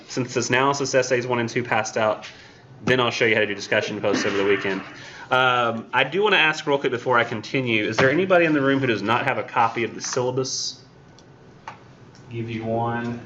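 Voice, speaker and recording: A man's voice: medium pitch, quick pace, muffled recording, background noise. A man teaching a college English class in a casual, chatty way, with wry sarcastic asides.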